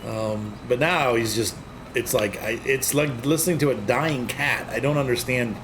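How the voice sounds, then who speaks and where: A man's voice: mid-range voice, normal speed. Guy casually chatting while farming in a game, laughs a lot, engine noise all over the track. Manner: rambling, chatty, laughs often. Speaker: gameplay streamer. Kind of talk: casual gameplay commentary. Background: farm vehicle noise from the game.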